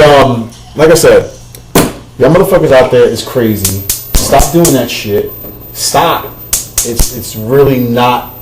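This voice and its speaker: A man's voice: mid-range voice, poor audio. A man hosting a casual cooking vlog from his home kitchen, rambling and swearing freely as he talks. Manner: profane, rambling, keeps asking "you know what I'm saying".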